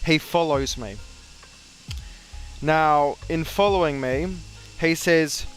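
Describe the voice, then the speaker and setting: A man's voice: on the high side, takes it slowly, long pauses, faint music behind. A young Australian man casually telling a story about work, animatedly acting out what others said. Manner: animated, quotes people in raised voices. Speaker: flight sim streamer.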